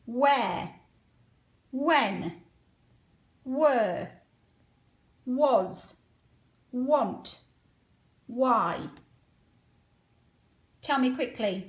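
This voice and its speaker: Slow, lively woman teaching phonics. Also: fairly high pitch, dry recording. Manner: slow, clear, sounding out words. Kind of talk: phonics lesson for children.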